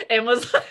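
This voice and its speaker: A young woman co-hosting a casual podcast, her voice bright and sharp. She talks in a chatty, storytelling way, laughing often, and her pitch jumps higher when she gets worked up. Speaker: podcast co-host. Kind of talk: casual chat.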